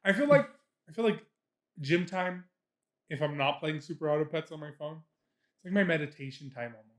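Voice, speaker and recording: A young man with a slightly higher voice chats loosely on a podcast and laughs as he tells his stories. He swears freely and speeds up when a bit gets going. The sound is roomy and echoey. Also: expressive, a little fast. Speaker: podcast co-host. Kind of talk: casual chat. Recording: echoey room.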